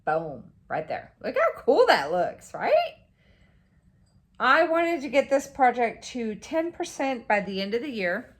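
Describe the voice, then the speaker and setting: A woman vlogger chatting casually about her stitching projects, rambling and excitable, tired and yawning at times. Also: fairly high pitch, unhurried. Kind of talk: casual show-and-tell chat.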